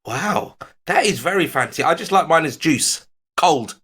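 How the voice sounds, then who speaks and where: A man co-hosting a radio show, joking and teasing with a drawn-out mock-grand delivery. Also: a little high, expressive, a bit bright, breathy edge. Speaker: radio co-host. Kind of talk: casual radio banter.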